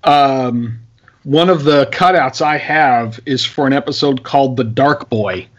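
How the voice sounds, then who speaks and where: A man's voice: mid-range voice, a little slow. A man co-hosting a podcast in casual chat, answering in a hesitant way. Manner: hesitant, filler-heavy replies. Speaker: podcast co-host. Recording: dull lo-fi podcast audio.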